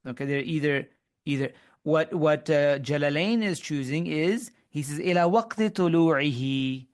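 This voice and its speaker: A man's voice: fairly high pitch, normal speed. A man teaching Arabic grammar in an online webinar lesson, explaining step by step, quizzing his students and often restarting his sentences.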